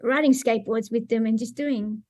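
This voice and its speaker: A woman's voice: fairly high pitch, steady tone, a little fast, dark tone. A middle-aged Australian woman talking candidly as an interview guest, laughing now and then. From Sydney, Australia. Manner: candid, laughs while recounting. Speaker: guest, para-surfer. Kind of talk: casual interview conversation.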